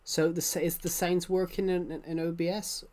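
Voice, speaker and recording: A man's voice: on the high side, flat delivery, moderate pace, darkish tone. A young man chatting casually with viewers during a game live stream, rambling and often correcting himself. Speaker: livestreamer.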